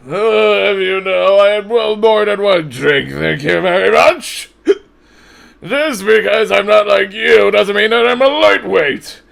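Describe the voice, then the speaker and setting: A boisterous, self-important schoolteacher who brags about his drinking, acted by a man. His voice is gravelly and sits a little high as he lectures people in a fan radio play. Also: slow, fairly bright tone, full character voice. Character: boozy, pompous adult male schoolteacher.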